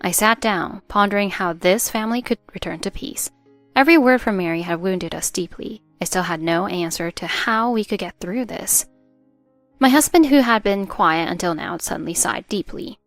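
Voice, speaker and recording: A woman giving a calm, measured first-person narration of a scripted family drama story. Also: mid-range voice, dry recording, faint music behind.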